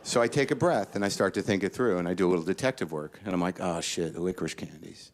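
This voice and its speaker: A middle-aged man doing a stand-up comedy set, ranting neurotically and jumping into panicked high-pitched voices. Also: animated, racing. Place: comedy stage before a laughing audience.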